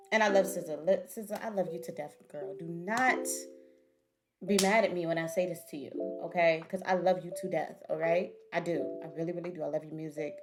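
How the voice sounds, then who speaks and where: Woman chatting over a reaction video. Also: fairly low pitch. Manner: chatty, talks straight to viewers. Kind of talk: casual reaction commentary.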